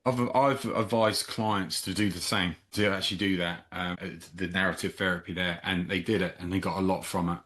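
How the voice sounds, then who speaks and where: A man's voice: low-pitched, steady tone, normal speed, few pauses, fairly bright tone. A man hosting an interview, asking supportive questions with frequent restarts. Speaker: podcast host.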